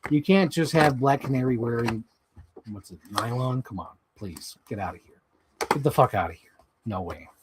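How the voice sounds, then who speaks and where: The recording is very noisy as a man casually live streams at a moderate pace, trading parts on toy figures. He speaks animatedly, swears, and breaks into high, mocking voices.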